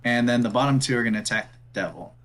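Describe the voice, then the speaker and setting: A man playing a tabletop game, calmly reading out rolls and stating his moves. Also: medium pitch, rapid-fire. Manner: matter-of-fact, reading out rolls. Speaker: player. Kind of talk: casual tabletop game talk.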